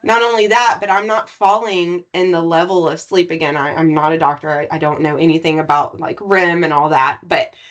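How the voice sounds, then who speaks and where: A woman's voice: low voice, brisk, few pauses. Earnest woman telling her story. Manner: earnest, animated retelling with frequent "right?" tags. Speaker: podcast guest. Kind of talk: personal storytelling in a podcast interview.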